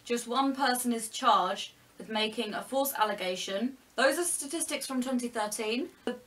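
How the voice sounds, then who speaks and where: A young woman talks straight to camera in an opinion vlog. Her voice is bright and a little high. She argues earnestly and lays out her points step by step. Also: moderate pace. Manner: earnest, argumentative, explaining step by step. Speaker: vlogger.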